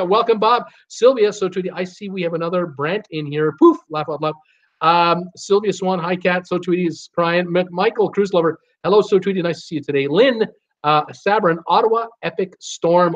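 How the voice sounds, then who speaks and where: Man, live-stream host, rambling chatty delivery, high voice, muffled lo-fi sound. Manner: chatty, rambling, reads chat messages aloud with many fillers. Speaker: host of a live cruise show. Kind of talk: casual live-stream chat reading viewer comments.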